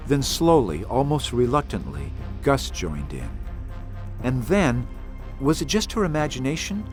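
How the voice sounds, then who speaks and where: Male audiobook narrator, dramatic and lively in pitch, faint music under. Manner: expressive, dramatic. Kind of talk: scripted storybook narration.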